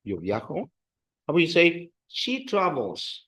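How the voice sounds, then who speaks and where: A Spanish teacher with a high, husky, fairly bright voice swings hugely in pitch as he explains verb endings. His classroom lesson is slow and patient, built on call-and-response drills.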